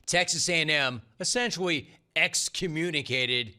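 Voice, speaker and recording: A man's voice: a little high, normal speed, pushed and bright, clean tone. Punchy, sarcastic sports talk host man. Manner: punchy, sarcastic, rhetorical questions. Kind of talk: sports talk radio monologue.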